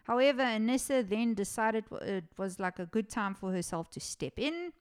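A woman's voice: fairly high pitch, lively intonation, normal speed, smooth. Woman, podcast host, casual true-crime storytelling, sarcastic, frequent swearing. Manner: chatty, swears often, sarcastic asides with frequent laughs.

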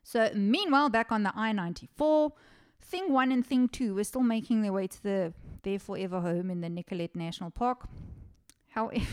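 A woman's voice: mid-range voice, expressive, normal speed, clear, resonant tone. A woman, hosting a podcast and telling a true-crime story in a casual, chatty way, swearing often and laughing at her own sarcastic asides. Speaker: podcast host.

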